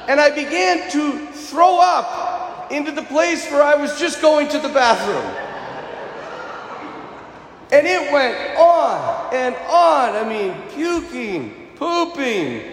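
A man telling an animated personal anecdote, retelling it dramatically with shouted bursts. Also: very high-pitched, slow, a little hiss or hum. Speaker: storyteller. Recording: roomy hall with long reverb.

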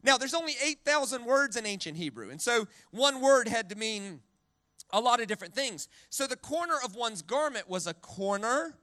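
A man preaching a sermon with a very high, bright voice and a dry, close sound. He is animated, has the crowd repeat words back to him, and often stumbles and restarts mid-phrase. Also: moderate pace, dry recording. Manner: animated, leads the crowd in call-and-response repetition. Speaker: guest preacher.

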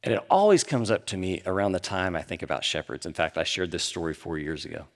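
A middle-aged man preaching a sermon, swinging between animated emphasis and hushed, quiet moments. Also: deep voice, quick pace. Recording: long hall reverb.

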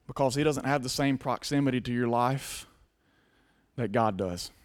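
A male pastor preaching a sermon earnestly, dropping to hushed tones and rising to loud emphasis. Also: mid-range voice, moderate pace.

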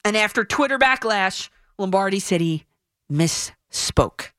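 A woman's voice: mid-range voice, lively intonation, measured pace, fairly bright tone, dry recording. A woman hosting a sports radio show, giving her opinions in a punchy, emphatic way into a studio microphone.

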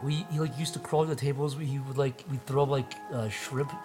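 A young man chatting in an excitable, rambling way and swearing freely in casual podcast banter. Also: mid-range voice, a little fast, music in the background. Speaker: podcast co-host. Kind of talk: casual chat.

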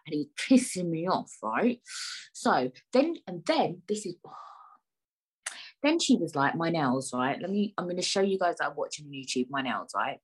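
A young woman telling an animated, exasperated story to her viewers in slangy, casual speech. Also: lowish voice, normal speed, husky. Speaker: vlogger.

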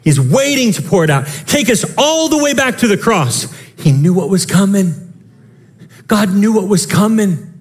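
Man, pastor, sermon, high voice, impassioned, quick asides, shouts. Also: sing-song. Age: young adult to middle-aged, father of children.

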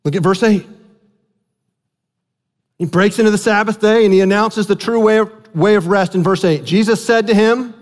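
A man preaching a sermon as pastor, animated and asking his congregation questions. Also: high voice, normal speed. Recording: long hall reverb.

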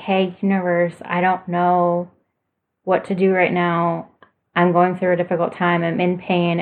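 A woman with a fairly low voice talks in an earnest, heartfelt way. She hosts a spiritual talk and speaks straight to her listeners. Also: poor audio. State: emotional, voice moved. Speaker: spiritual podcast host. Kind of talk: reading a personal message, then casual talk.

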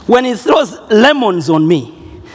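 Male preacher, unusually high voice, slow and emphatic, builds to shouted declarations. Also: in a large hall. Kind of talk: sermon.

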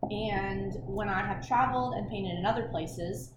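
Laid back woman painter on a podcast, off mic, room noise clearly audible. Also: mid-range voice, measured pace, echoey room, distant mic. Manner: easygoing, brief agreeable replies. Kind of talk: casual podcast conversation.

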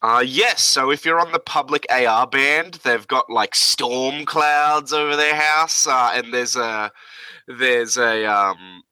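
A man's voice: medium pitch, fairly even intonation, slow pace, sharp tone, smooth, no room sound, low-quality recording. A man running a tabletop game as game master, describing scenes hesitantly with many fillers.

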